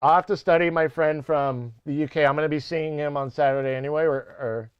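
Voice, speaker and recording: A man's voice: a little high, fairly even intonation, brisk, clear, resonant tone, no room sound, muffled recording. A man casually chatting to his live-stream audience, rambling and swearing, who keeps breaking off and sometimes slips into playful mock accents. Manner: rambling, swearing, self-interrupting. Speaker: music streamer.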